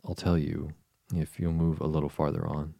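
A man voicing a gentle, soft-voiced young fawn in a storybook reading, speaking slowly and softly. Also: extremely low pitch, level tone, creaky, no room sound, clean studio sound, exaggerated voice. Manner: soft and slow.

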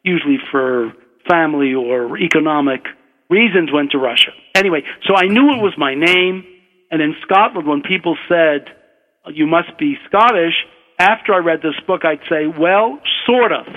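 An older man from Brooklyn, a physician and author, telling a relaxed, wry anecdote. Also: on the high side, normal speed. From Brooklyn, USA. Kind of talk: anecdotal storytelling. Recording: dull radio broadcast, long reverb.

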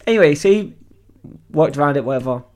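Lively, swearing young man. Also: a little high, quick pace. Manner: animated, swears freely, acts out voices. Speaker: podcast co-host. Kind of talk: casual storytelling chat.

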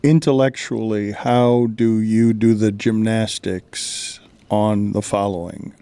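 A man's voice: fairly low pitch, fairly even intonation, slow, warm tone, clean tone, dry recording. A man hosting an interview, asking a pointed and probing question. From Miami. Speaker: podcast host.

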